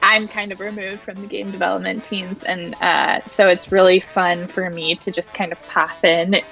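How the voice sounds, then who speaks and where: A woman's voice: on the low side, little pitch movement, moderate pace, creaky, a bit bright, soft background music, rough recording. A woman co-hosting a casual stream, upbeat and enthusiastic. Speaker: stream co-host.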